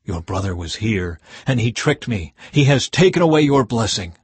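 A man voicing an old blind father who speaks with a slow, solemn cadence. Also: on the low side, sing-song, husky, no room sound, full character voice.

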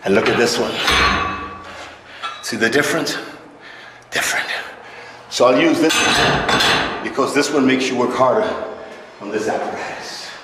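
A man's voice: medium pitch, unhurried, pauses often, heavy background noise. A middle-aged man preaching on the side while he shows a gym machine, speaking plainly to the viewer and checking in with them again and again. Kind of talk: casual demonstration talk to camera. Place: indoor home gym room. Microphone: distant camera mic. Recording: echoey room, voice far from the mic.

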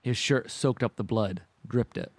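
A man co-hosting a podcast who reads a story in measured scripted narration and also chats casually. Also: mid-range voice, breathy edge, dry recording.

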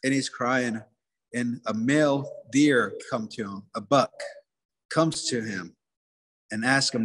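A man's voice: medium pitch, slow, long pauses, fairly bright tone, husky, in a large hall. A man telling a traditional folktale with rhythmic, repetitive phrasing. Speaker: storyteller, museum director.

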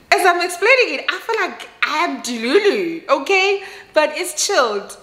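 A woman with a South African accent telling a personal story in a casual vlog, expressive and mixing English with Xhosa. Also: sits high, measured pace, echoey room. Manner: expressive, switches between English and Xhosa, laughs at herself.

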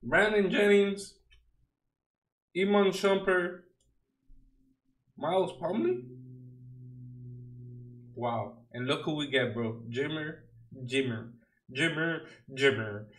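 A man's voice: medium pitch, slow pace, pauses often, a bit bright, echoey room, rough recording. A young man opening trading card packs on a stream, talking casually in slang and joking with mock outrage at the cards he pulls. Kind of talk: casual unboxing chat.

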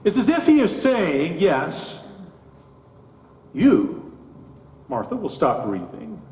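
A man delivers a sermon at a slow, deliberate pace, leaning into emphatic rises on key phrases. His voice sits a little high for a man. It rings out with the long reverb of a church sanctuary. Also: wildly swooping pitch, darkish tone. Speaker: pastor. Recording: echoey church hall.

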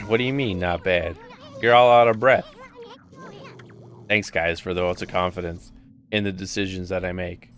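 A man's voice: deep voice, normal speed, fairly bright tone, a little hiss or hum. A man casually commenting on his live playthrough of a video game, rambling and chatty, often reading the game's lines aloud. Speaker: gaming streamer.

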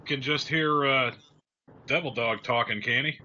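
A man's voice: medium pitch, unhurried. A man co-hosting a casual roundtable show, telling stories with lots of swearing and acting out the people in them. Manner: profane, animated storyteller acting out voices. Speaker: roundtable co-host. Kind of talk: casual storytelling chat. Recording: dull lo-fi sound with faint noise.

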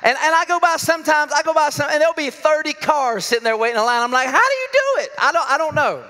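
A middle-aged pastor preaching a sermon, joking and laughing often with self-deprecating asides. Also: male voice, extremely high pitch, steady tone, quick pace, sharp tone, in a large hall. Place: church sanctuary.

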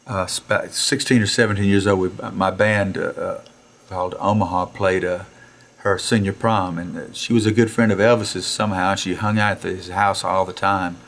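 Man, 60s, low-pitched, chatty storyteller who chuckles and performs the dialogue; studio interview. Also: normal speed. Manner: animated storyteller who chuckles, acts out quotes and restarts sentences. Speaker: musician interview guest. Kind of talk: casual anecdotal storytelling. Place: recording studio.

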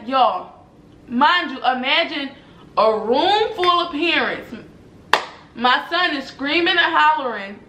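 A young woman vlogger telling a personal story to viewers in a casual, animated way, full of swearing and "y'all". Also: high voice, noisy background. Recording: roomy echoey room.

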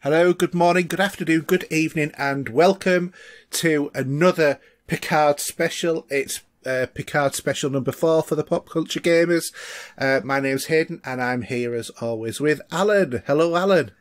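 A man's voice: fairly high pitch, normal speed. A middle-aged man co-hosting a casual podcast, chatty and rambling with lots of fillers. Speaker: podcast co-host.

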